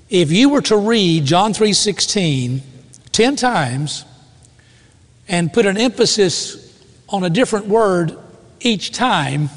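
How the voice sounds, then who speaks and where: A man preaching a sermon with emphatic, slow dramatic pauses. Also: a little high. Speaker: pastor. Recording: reverberant hall.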